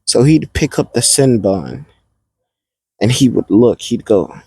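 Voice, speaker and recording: A man narrates a made-up adventure off the cuff, drifting and backtracking as he goes. His pace is slow and drawn out, and his voice has a husky, breathy edge. The sound is close and dry. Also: medium pitch, big pitch swings, darkish tone, no room sound, poor audio. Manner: rambling, stops and restarts. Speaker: storyteller. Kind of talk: improvised fan story narration.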